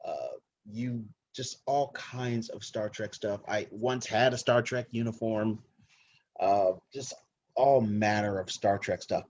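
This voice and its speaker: A fairly low-voiced man hosts a casual movie podcast, rambling enthusiastically and cursing freely. His voice comes through a dull, lo-fi recording. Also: darkish tone. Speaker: podcast host.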